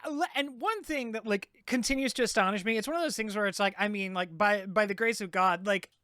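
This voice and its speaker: A man co-hosting a casual podcast, rambling in halting sentences that stop and restart as he searches for words. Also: high voice, bright, forceful tone, no room sound, studio quality. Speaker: podcast co-host.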